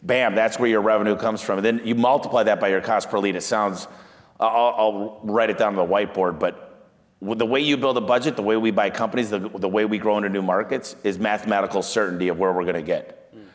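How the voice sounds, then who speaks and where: This business owner speaks fairly quickly, his voice carrying a big-room sound. He tells energetic stories about selling and marketing, and when he quotes clients he slips into a higher voice to act them out.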